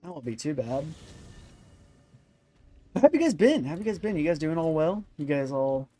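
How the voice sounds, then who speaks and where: A man's voice: a little high, big pitch swings, normal speed, mellow, faint music behind. A man hosting a let's-play video, rambling and thinking aloud with many fillers. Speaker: gaming channel host.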